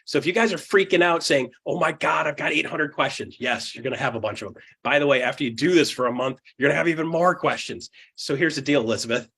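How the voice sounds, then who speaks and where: A fairly high-pitched man with a husky, slightly rough voice presents a live seminar to real estate agents. He talks bluntly and energetically, drops casual swearing, laughs a lot and keeps asking the room "right?". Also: fast, few pauses, fairly bright tone. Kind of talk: live seminar talk to an audience.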